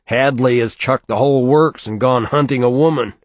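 In a dry recording, a man speaks at medium pitch and normal speed, raising his voice a bit above its natural level while keeping it close to everyday speech. He is reading an audiobook, voicing a character: a sardonic young male economics graduate student who sounds wry and exasperated.

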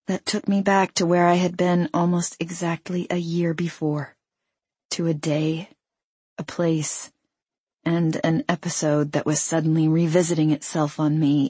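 A woman reading a first-person audiobook in a measured, unhurried storytelling manner. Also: sits low, dark tone, husky, dry recording. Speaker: audiobook narrator.

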